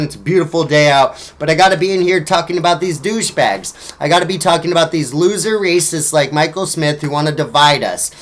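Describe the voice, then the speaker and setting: A man's voice: high-pitched, fairly bright tone. A young man hosting a talk radio show, ranting angrily and sarcastically with lots of cursing and filler words. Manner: angry, profane, sarcastic ranting with frequent fillers.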